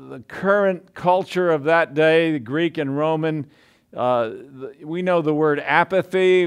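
A man with a fairly high, smooth and resonant voice preaches a sermon. He talks conversationally and drifts into asides, stopping to restart his sentences.

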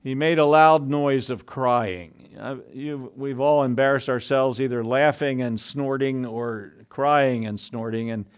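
A man's voice: medium pitch, fairly even intonation, measured pace, hardly any pauses, smooth. A man preaching a sermon in a conversational way, full of asides and restarts.

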